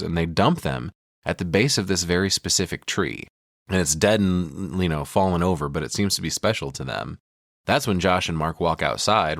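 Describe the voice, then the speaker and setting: A man's voice: sits low, fairly bright tone, dry recording, studio quality. A man co-hosting a podcast, retelling a film's plot in a casual, profane way with chuckles. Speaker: podcast co-host. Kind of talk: casual movie recap.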